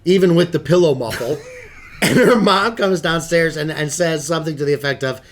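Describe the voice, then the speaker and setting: A man's voice: a little high, brisk. A man co-hosting a podcast, telling funny stories in casual chat and laughing often. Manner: animated storyteller, laughs often. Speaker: podcast co-host.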